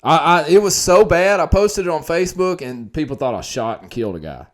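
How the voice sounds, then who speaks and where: Animated, profane man telling a story. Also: fairly high pitch, brisk. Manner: animated and profane, swinging loud and quiet. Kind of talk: casual storytelling on a podcast.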